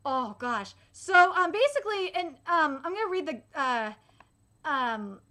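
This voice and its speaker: Excitable young woman gushing about anime. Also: high-pitched, measured pace. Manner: gushing, excitable, swears, many fillers. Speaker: channel host. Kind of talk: casual anime news chat.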